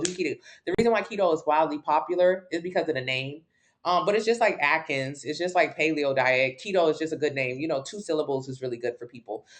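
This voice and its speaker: A woman fitness coach answering viewer questions on a casual livestream, blunt and sassy, swearing casually and pushing her voice up for emphasis. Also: sits low. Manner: lively, swings in loudness for emphasis.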